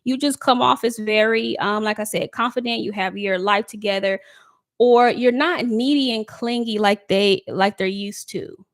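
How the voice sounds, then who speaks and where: A woman's voice: medium pitch, steady tone, normal speed. A woman giving a casual live tarot love reading, talking loosely to her viewers, reading out their comments and laughing often. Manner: chatty, reads chat comments aloud, laughs often. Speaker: tarot reader.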